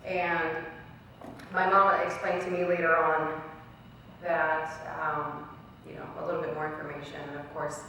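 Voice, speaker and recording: A woman's voice: deep voice, little pitch movement, moderate pace, pushed and bright, slight background noise. Young woman speaking in an echoey hall. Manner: earnest storyteller, acts out quoted dialogue. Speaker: guest speaker. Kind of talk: personal speech to an audience. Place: college event hall. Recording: very echoey hall recorded from far off.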